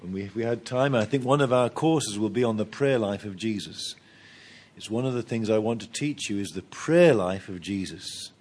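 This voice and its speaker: A man's voice: lowish voice, normal speed, darkish tone. A man preaching a sermon with humor, acting out little dialogues and chuckling at his own jokes.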